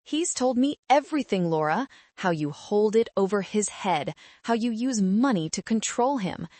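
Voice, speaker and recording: A woman's voice: medium pitch, expressive, moderate pace, darkish tone, no room sound, natural voice. Woman doing a sneering bride-to-be, Tiffany. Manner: sneering, condescending. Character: scornful young bride-to-be, cruel and mocking.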